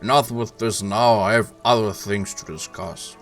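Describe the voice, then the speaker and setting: A man's voice: on the low side, steady tone, moderate pace, faint music behind, natural voice. A man with a German accent voicing a flustered, embarrassed detective who pleads with the others.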